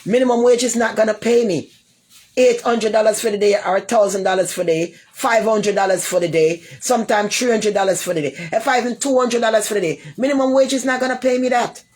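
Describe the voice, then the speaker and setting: A woman's voice: fairly high pitch, fast talker, darkish tone. Jamaican woman ranting on a live stream. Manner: rambling and repetitive, loops back over the same points; combative, trades blunt insults with commenters. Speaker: livestreamer. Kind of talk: casual live-stream rant.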